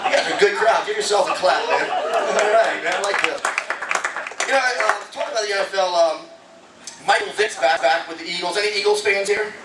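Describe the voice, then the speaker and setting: A man with a high voice tells jokes on stage in a loose, conversational way and keeps bantering with the crowd. The club echoes, and the mic picks him up from a distance over a faint background hum. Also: a little fast. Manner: casual, chatty, banters with the audience. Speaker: stand-up comedian. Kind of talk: stand-up comedy set. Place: comedy club stage before a live audience. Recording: echoey club recorded from afar.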